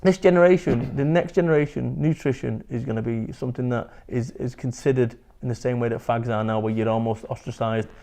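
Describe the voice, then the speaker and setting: A man's voice: medium pitch, steady tone, a little fast, hardly any pauses, dark tone. A man, a motivational speaker talking bluntly and animatedly in an interview, swearing freely. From England. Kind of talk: candid interview talk.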